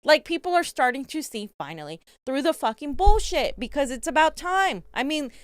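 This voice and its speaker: A woman's voice: high voice, big pitch swings, normal speed, no echo. A woman co-hosting casual political commentary, blunt and laughing often, swearing freely. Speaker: co-host.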